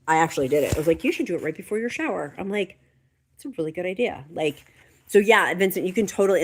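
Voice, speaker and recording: A woman hosting a live stream, chatting and reading viewer comments aloud in an encouraging way. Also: lowish voice. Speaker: livestream host. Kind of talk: casual livestream chat.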